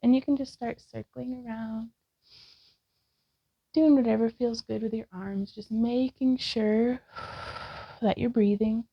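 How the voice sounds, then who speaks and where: A woman leading a yoga class, calling out slow, calm cues and directions. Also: on the high side, slightly rough, no room sound, dull audio. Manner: slow, calm cueing with soft laughs. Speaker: yoga instructor.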